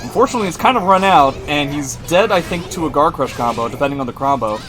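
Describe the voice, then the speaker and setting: A man hosting a live stream and commentating fighting game matches, excitable and joking as he reacts to the play. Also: a little high, fast, over music. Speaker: esports commentator and stream host.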